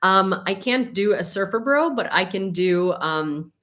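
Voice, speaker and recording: A woman's voice: medium pitch, animated, unhurried, fairly bright tone. A woman from Ukraine hosting a live stream, chatting casually with viewers in a rambling, laughing way. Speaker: livestream host.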